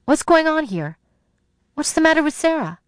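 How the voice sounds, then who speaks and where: A worried middle-aged mother, put on by a woman reading aloud, her voice lifted high and tight with alarm. She fires sharp, protective questions in a dry, close audiobook read. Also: big pitch swings, a little slow, no room sound. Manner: high, anxious, demanding questions. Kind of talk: audiobook character voice.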